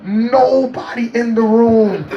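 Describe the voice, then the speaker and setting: High-voiced man, animated storyteller, laughs a lot, roomy distant sound. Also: slow, creaky, muffled recording. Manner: animated storyteller, laughs often, acts out quotes. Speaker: interview guest. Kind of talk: storytelling interview.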